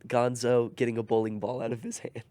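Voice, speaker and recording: A man with a middle-pitched voice guests on a casual film podcast. He chimes in eagerly, and his voice is wearing thin. The recording is dry and close. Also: level tone, dark tone, dry recording. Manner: eager, chimes in with quick agreement. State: losing his voice. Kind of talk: casual movie discussion.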